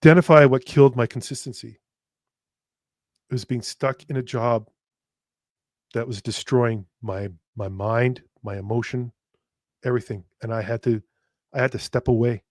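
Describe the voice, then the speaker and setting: A man talks through a personal podcast monologue in a mid-range voice, earnest and halting, often restarting and repeating words before pushing on. His speech is blunt and plain, with casual swearing. The sound is dry, with no room echo around it. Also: medium pitch, fairly even intonation, darkish tone. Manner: earnest, speaking straight to listeners. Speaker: podcast host.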